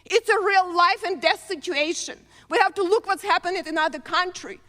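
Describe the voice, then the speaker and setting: An immigrant woman with a foreign accent giving an earnest, halting floor speech in a legislative chamber. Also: very high voice, pushed and bright. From abroad. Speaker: congresswoman. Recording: long reverb of a large chamber.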